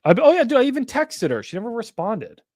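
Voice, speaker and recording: A man's voice: extremely high pitch, wildly swooping pitch, fast talker, a little mellow, no room sound, studio quality. A young man hosting a casual livestream, talking bluntly and animatedly, with frequent swearing. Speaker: livestream host.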